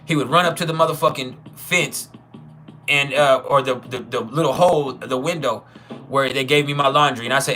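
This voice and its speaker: A man's voice: mid-range voice, brisk, sharp tone. A man casually telling a personal story, profane and chuckling, with many trailing restarts. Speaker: channel host.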